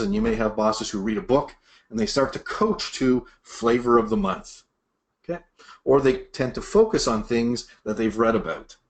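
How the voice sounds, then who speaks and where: A middle-aged man teaching sales managers in a master class, acting out what bosses and reps say. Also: medium pitch. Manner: animated, acts out quoted bosses and reps. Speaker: sales leadership trainer. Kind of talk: presentation-style master class.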